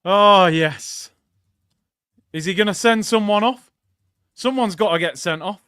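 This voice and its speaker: A high-voiced man hosting a live football watchalong, talking straight to his viewers and breaking into loud shouts. His voice is smooth and clear, recorded close and dry with no room sound. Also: unhurried, no room sound. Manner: excitable, bursts into loud shouts; chatty, addresses viewers as "people". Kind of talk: live watchalong reaction commentary.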